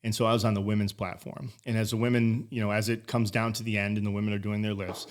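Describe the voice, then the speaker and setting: Rambling, profane low-voiced man. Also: little pitch movement, quick pace. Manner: rambling, profane, frequent restarts. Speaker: podcast guest. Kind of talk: casual conversation.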